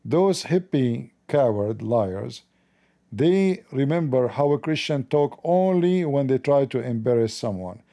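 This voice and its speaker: A man's voice: mid-range voice, lively intonation, unhurried, mellow. A man hosting a livestream who answers chat in a combative, sarcastic way, with non-native English grammar. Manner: mocking, sarcastic, confrontational. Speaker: livestream host.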